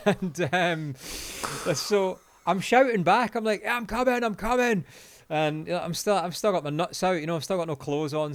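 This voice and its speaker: A Scottish man in his forties, a podcast co-host telling a long anecdote in casual chat, animated and sweary, laughing as he goes. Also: medium pitch, no echo. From Scotland.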